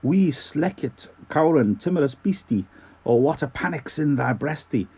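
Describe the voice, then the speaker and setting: A man reading a poem aloud in a put-on Scottish accent, voicing a gently apologetic farmer poet in slow, lilting recitation. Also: fairly high pitch, expressive, husky, muffled recording, voice pushed up. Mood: reciting.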